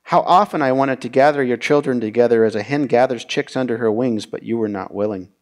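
A man teaching a verse-by-verse Bible study, reading scripture aloud and explaining it in a measured, plain way. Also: medium pitch.

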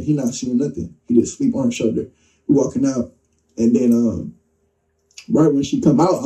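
A man's voice: medium pitch, far from the mic, rough recording. A man casually telling a story in slangy speech, acting out what people said. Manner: relaxed, slangy, acts out dialogue. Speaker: interview guest telling his story.

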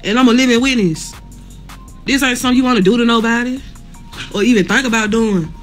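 A woman's voice: fairly high pitch, fairly quick, faint music behind. A woman in pain, streaming live from a hospital room, who talks bluntly with lots of cursing and laughs through her pain while reading viewer comments. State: in pain, near tears. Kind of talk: casual live chat with viewers.

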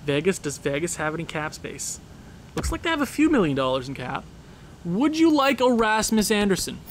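A man giving casual gameplay commentary, talking to the game as he goes and breaking into excited, shouting laughter. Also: high voice, moderate pace, slight background noise. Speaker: gaming channel host.

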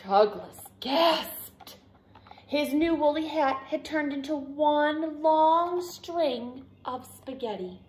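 A woman from a school staff reading a picture book aloud to children in an expressive, animated way. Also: sits high, slow pace, slight background noise.

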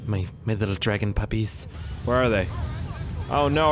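A young man giving excitable, swearing commentary while playing a video game, yelping when things go wrong. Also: mid-range voice, fairly quick, over music. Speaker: gaming YouTuber. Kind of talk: let's play commentary.

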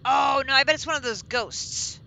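A woman's voice: high voice, normal speed, sharp tone. A woman streaming a game live, chatting to herself as she counts out and places items. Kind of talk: live gameplay commentary.

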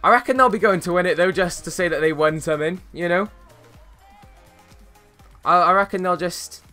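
At a normal speed, a young man livestreams a football video game and chats loosely with viewers, full of slang and greetings. His somewhat high voice sounds bright and forward, excitement flares at good plays, and quiet music runs underneath.

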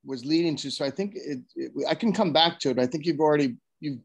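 A man's voice: a little high, quick pace, gravelly, slightly rough. A man taking part in an online study group, speaking hesitantly with restarts. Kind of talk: casual online discussion. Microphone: video call.

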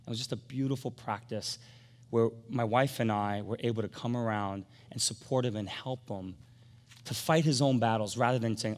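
A middle-aged man preaching a sermon as pastor, animated, swinging from emphatic peaks down to soft, quiet storytelling. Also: mid-range voice, moderate pace. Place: large church sanctuary. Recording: long hall reverb from a church sanctuary.

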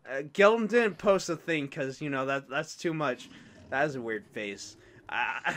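A man's voice: mid-range voice, lively intonation, measured pace, fairly bright tone. A young man giving casual, rambling, self-mocking commentary while playing a video game. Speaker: let's play host.

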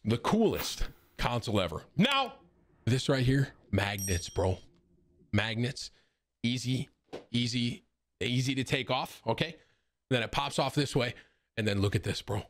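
A young adult man excitedly unboxing a console in a casual streamer chat, tossing in "bro" and "okay?" as he shows off each part. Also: medium pitch, measured pace, long pauses, slight background noise. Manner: excitable, says "bro" a lot. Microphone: studio desk microphone.

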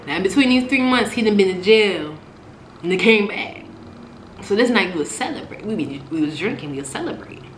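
A young woman telling a story about her past in a casual, animated way, cursing and swinging between loud outbursts and hushed asides. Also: mid-range voice, fairly quick. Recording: echoey room with noise.

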